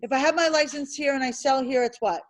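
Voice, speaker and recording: Brisk high-voiced woman instructor. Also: rough recording. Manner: brisk, quizzing the class with rapid questions; emphatic and animated. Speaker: insurance licensing instructor. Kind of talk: classroom review lecture.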